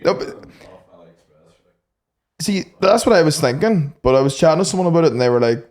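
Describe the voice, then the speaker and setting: Brief: young Northern Irish man, fast, sweary podcast co-host. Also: fairly high pitch, expressive, a little mellow. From Northern Ireland. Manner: swears freely, quick anecdotal storytelling. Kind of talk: casual chat.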